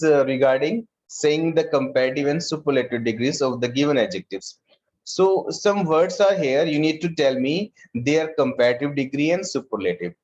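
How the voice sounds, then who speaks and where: Indian English teacher, slow and repeating. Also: male voice, a little high, a little mellow, highs cut off. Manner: slow, repeats words and calls on students by name. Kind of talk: online class lesson.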